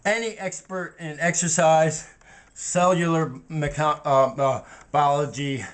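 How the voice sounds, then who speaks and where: A man giving a motivational rant as a home cook vlogger, shouting, whooping and half singing his lines. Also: a little high, steady tone, measured pace, smooth. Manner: shouting, whooping, sing-song preaching.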